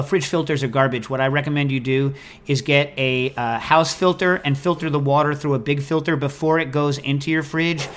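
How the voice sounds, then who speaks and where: A man hosting a podcast in casual chat, talking in an animated, rambling, jokey way. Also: mid-range voice. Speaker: podcast host.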